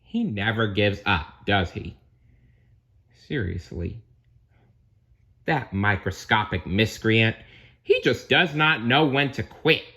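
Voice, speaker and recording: Lively low-voiced man reading a storybook. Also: slow pace, long pauses, breathy edge. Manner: chatty asides to listener. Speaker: narrator. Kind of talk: storybook read-aloud.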